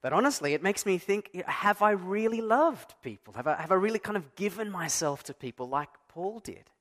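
A man's voice: high-pitched, lively intonation, a little fast, fairly bright tone. A man preaching a sermon as pastor, conversational and self-deprecating, stressing key words. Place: church.

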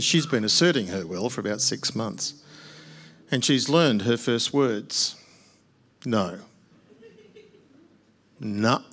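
Older pastor, low voice. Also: male voice. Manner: plainspoken, with dry humorous asides. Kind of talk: answering questions at a church Q&A.

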